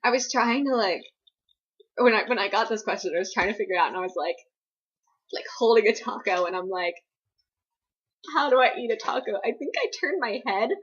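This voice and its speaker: A young woman from the US East Coast chats through viewer questions on her vlog, her voice slightly breathy and husky. She rambles, fills her sentences with "like," and turns self-deprecating, all over a dull, lo-fi home recording. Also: medium pitch, lively intonation, fairly quick. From East Coast United States. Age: young adult. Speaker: vlogger answering viewer questions. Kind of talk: casual Q&A vlog.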